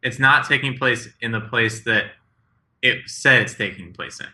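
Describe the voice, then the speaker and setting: Man, podcast co-host, very bright sharp tone, quizzical, joking. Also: mid-range voice, moderate pace. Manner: quizzical, joking, laughs easily. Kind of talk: casual tech podcast chat.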